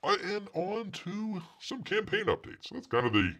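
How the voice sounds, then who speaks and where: Animated, joking livestream host man. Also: sits high, normal speed. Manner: jokey, rambling, talks of himself in third person. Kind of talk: casual live-stream chat.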